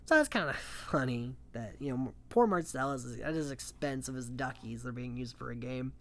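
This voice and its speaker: A male reality show recap host talks casually and offhandedly, swearing freely and often chuckling between points. His voice is medium-pitched at a normal speed.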